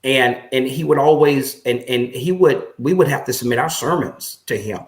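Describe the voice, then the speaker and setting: A male pastor of middle pitch tells his story earnestly and reflectively. His voice carries a noticeable room echo. He grows lively whenever he recounts past conversations. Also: moderate pace. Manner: earnest, reflective, lively when retelling exchanges. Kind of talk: interview storytelling. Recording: echoey room.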